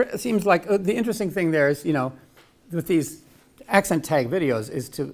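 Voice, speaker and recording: Guy lecturing off slides, kinda high voice, rambles and restarts a lot. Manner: chatty, with many restarts and asides. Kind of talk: academic talk with slides.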